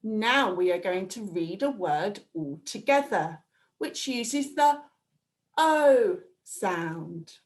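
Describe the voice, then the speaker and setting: A woman teaching a phonics lesson to a reception class, sounding out letters slowly and speaking with animated exclamations. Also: medium pitch. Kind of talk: phonics lesson for young children.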